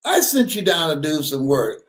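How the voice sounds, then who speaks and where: A man voicing a stern, deadpan male God who sounds like an unimpressed boss, speaking in dry, clipped lines. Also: a little high, normal speed.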